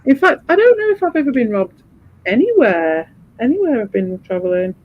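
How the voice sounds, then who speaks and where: Male streamer, high voice, sweary rambling chat, muffled lo-fi audio. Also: a little fast. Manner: swears freely, rambling and animated. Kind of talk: casual chat.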